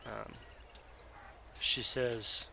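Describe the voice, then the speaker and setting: A man narrating as game master for a tabletop game, halting with many ums and self-corrections. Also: mid-range voice, flat delivery, gravelly, noisy background.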